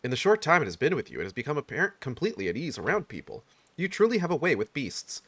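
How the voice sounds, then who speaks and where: A man's voice: a little high, huge pitch swings, fast talker, fairly bright tone, husky, exaggerated voice. A man reading game dialogue aloud, voicing a courtly official who speaks in a formal, old-fashioned way. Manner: stately, archaic phrasing.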